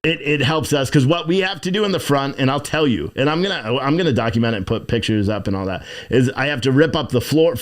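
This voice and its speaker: A man hosting a casual livestream from inside his shop, rambling and swearing as he reads chat comments and plugs his business. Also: mid-range voice. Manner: rambling, profane, plugging his own business. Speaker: livestream show host.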